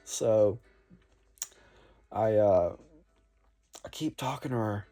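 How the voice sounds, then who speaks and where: A man's voice: fairly low pitch, takes it slowly, mellow. A young man from North Florida, telling a rambling, laid-back story about playing saxophone. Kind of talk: casual storytelling vlog.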